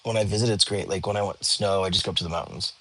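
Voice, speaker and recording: A tired young man, hosting a relaxed livestream and chatting with viewers from home. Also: sits low, racing, husky. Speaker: livestream host. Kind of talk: casual livestream chat. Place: home, lying down.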